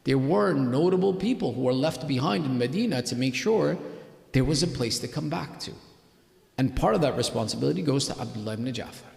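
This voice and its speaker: A man giving a sermon in a mosque, telling stories dramatically and slowing down at emotional moments. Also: medium pitch, animated, creaky, darkish tone. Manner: dramatic storytelling with slowed emotional peaks. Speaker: religious speaker. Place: mosque hall. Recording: echoey reverberant hall.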